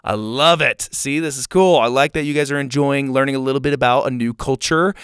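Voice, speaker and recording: A man's voice: mid-range voice, brisk, a bit bright, smooth, dry recording, studio quality. A man in his thirties, a podcast host reading listener reviews in a casual, enthusiastic and earnest way to young listeners.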